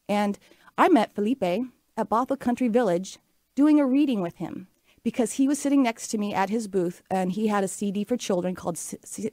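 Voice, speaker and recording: In a radio studio, a woman in her late forties from the Pacific Northwest US hosts a talk show, sharing a personal story in an upbeat, earnest, chatty monologue. Her mid-range voice is a little mellow, with no echo.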